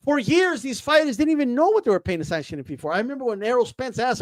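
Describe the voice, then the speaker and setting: High-pitched male streamer from Texas, profane heated rant, full of restarts and mock quotes, dry untreated sound. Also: very animated, quick pace, hardly any pauses, a little mellow, no room sound. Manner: mocks others in quoted voices. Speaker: boxing commentator. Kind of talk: casual livestream rant.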